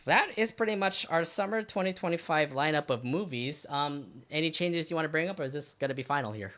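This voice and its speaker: Bright-voiced rambling podcast co-host. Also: male voice, a little high, fairly quick. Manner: rambling, filler-heavy, excitable. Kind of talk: casual chat.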